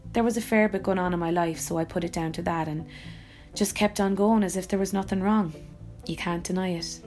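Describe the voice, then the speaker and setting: Irish woman, actor and voice-over artist, slightly low voice; reflective, wry first-person blog reading over faint music. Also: darkish tone. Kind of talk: reading her own blog post aloud.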